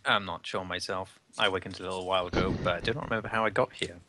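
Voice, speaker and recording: A man reading the part of a confused party guest in a halting, unsure way. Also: deep voice, fairly even intonation, pushed and bright, a little hiss or hum.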